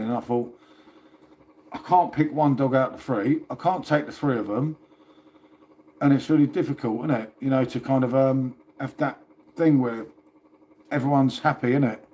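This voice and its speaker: A man's voice: medium pitch, darkish tone. A man hosting a casual livestream, chatting and rambling to viewers and swearing now and then. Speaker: livestream host.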